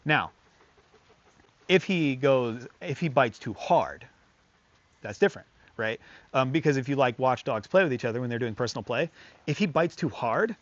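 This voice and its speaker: A man's voice: mid-range voice, lively intonation, moderate pace, long pauses, no room sound, lo-fi sound. Chatty man teaching dog training. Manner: chatty, filler-heavy, talks to the dog in bursts of praise and commands. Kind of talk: casual hands-on lesson.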